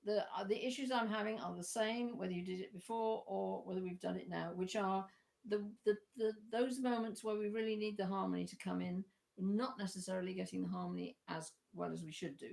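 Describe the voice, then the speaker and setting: Croaky woman leading choir practice. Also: medium pitch, steady tone, fairly quick, darkish tone. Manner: chatty, hesitant with many ums, breaks into singing parts. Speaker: choir leader. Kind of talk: online choir rehearsal coaching.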